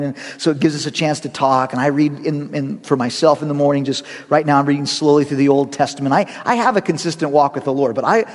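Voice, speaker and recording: Animated male pastor preaching in a reverberant hall. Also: a little high. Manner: animated, conversational preaching with self-deprecating humor. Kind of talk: sermon. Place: church sanctuary.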